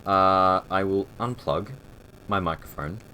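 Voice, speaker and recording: A young Australian man streams from his desk on a headset, his low voice bright and forceful at a measured pace, with a little hiss or hum in the audio. His live-stream chat is easygoing and rambling, full of fillers and restarts.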